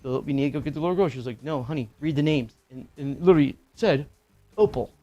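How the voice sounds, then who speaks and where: A man's voice: medium pitch, fast talker, dark tone, muffled recording. A middle-aged man co-hosting a casual talk show, telling a personal ghost story in a rambling, profane way with lots of filler words. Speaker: podcast co-host.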